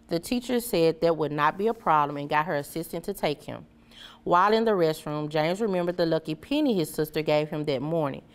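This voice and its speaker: Woman storybook reader, clear and measured, slightly low pitch. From Memphis area, USA. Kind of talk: reading a children's story aloud.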